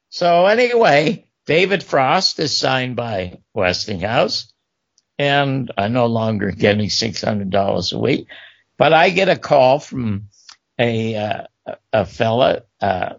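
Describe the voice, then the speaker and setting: Gravelly older man telling lively stories. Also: mid-range voice, no echo, lo-fi sound. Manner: animated anecdotes, quotes voices of others. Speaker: talk show host recounting career. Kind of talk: storytelling interview.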